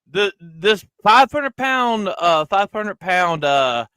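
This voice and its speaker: A podcast host tells a rowdy, profane story about his day. His voice sits high and bright, smooth and clear. It is recorded close on a dry mic. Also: slow pace, no room sound. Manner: loud, crude, animated storyteller, acting out quoted voices. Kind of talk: casual storytelling chat.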